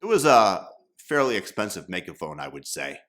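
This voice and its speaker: A man's voice: sits low, big pitch swings, moderate pace, fairly bright tone. A man hosting a satirical commentary rant in a mocking, sarcastic manner. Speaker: commentary host.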